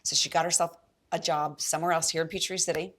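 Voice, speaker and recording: A woman real estate agent chatting as a podcast guest, telling a story with lively acted-out quotes. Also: deep voice, fast talker. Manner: animated storyteller, acts out quoted voices. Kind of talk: casual podcast chat.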